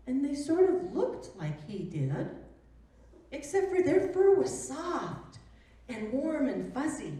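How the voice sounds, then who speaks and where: Slow, gentle woman storyteller in echoing hall. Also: high-pitched. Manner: slow, gentle, expressive narration. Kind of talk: live storytelling. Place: performance hall. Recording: roomy echo from a distant mic.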